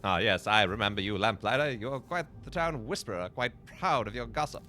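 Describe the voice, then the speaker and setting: A man voicing a repentant old miser with a lowered, gruff and formal delivery while reading a video game aloud. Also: a little fast, pushed and bright, faint music behind. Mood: formal contrite.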